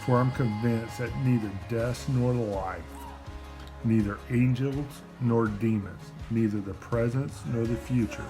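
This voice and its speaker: A man with a fairly low voice gives an earnest personal testimony straight to a camera. He speaks with feeling and often repeats himself. Music plays clearly behind him. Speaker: churchgoer giving a testimony.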